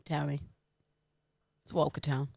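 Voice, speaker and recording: A woman's voice: low voice, level tone, a little slow, vocal fry, warm tone, dry recording. An Australian woman co-hosting a podcast, teasing and playful in casual chat. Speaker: podcast co-host.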